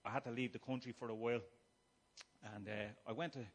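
A middle-aged Irish man giving a humorous personal testimony to a gathering, shifting between quiet musing and loud, acted-out shouting. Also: mid-range voice, steady tone, a little fast. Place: room before a live gathering.

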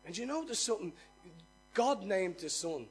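High-voiced preacher telling his story. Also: sing-song, moderate pace, soft background music, poor audio. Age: middle-aged. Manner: earnest, storytelling, asks the audience questions. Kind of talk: sermon with personal testimony.

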